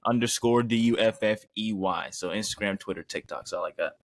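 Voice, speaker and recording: A man co-hosting a casual sports podcast, speaking in a measured, thoughtful way. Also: on the low side. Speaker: podcast co-host.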